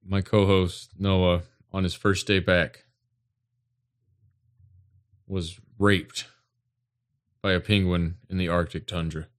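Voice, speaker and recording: A man co-hosting a podcast, rambling through a deadpan mock eulogy and swearing casually. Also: sits low, takes it slowly, long pauses. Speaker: podcast co-host. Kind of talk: improvised comedic bit.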